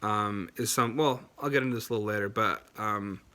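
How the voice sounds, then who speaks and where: A man's voice: lowish voice, brisk, sharp tone. A man hosting a language-learning video, explaining in a chatty, unscripted way with many fillers and restarts, sounding words out to demonstrate. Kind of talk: casual explainer to camera.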